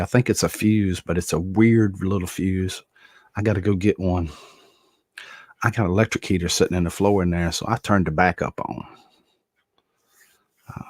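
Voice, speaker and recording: Low-voiced middle-aged guy on a chill livestream, laughs a lot, says hi to folks in chat, dry room. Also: no room sound. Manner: chuckles often, greets viewers by name. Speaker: livestream host. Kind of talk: casual chat reading viewer comments.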